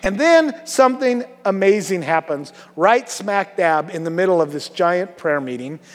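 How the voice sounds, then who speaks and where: High-voiced pastor in a reverberant hall. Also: male voice, lively intonation, moderate pace. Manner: conversational, joking with the congregation, many fillers. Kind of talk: sermon. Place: church sanctuary.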